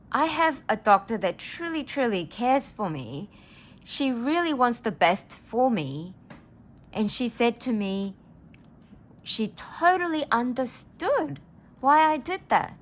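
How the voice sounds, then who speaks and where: A woman, telling a personal story in a casual vlog, earnest and rambling as she gets emotional. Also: mid-range voice. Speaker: vlogger.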